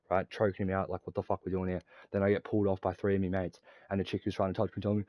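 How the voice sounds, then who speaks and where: A man's voice: sits low, flat delivery, very fast, hardly any pauses, no room sound, lo-fi sound. A young man with an Australian accent, ranting profanely and rambling while he plays a game. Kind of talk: casual rant while gaming.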